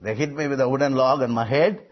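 A man's voice: mid-range voice, quick pace. A man preaching a sermon, emphatic and rising on quoted lines, with frequent hesitations. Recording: muffled lo-fi recording.

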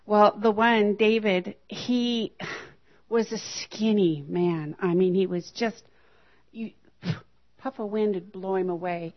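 Standing before her church, a woman shares a personal testimony, moving freely through her story and imitating the voices of the people she quotes. She speaks slowly at an ordinary female pitch with fairly even intonation, and the recording is dull and lo-fi.

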